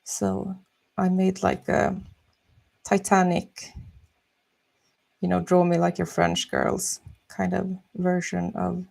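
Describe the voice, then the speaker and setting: A young woman chatting softly and musing slowly while she draws on a live stream. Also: fairly low pitch, monotone, creaky. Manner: soft-spoken, slow and musing. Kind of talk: casual chat while drawing.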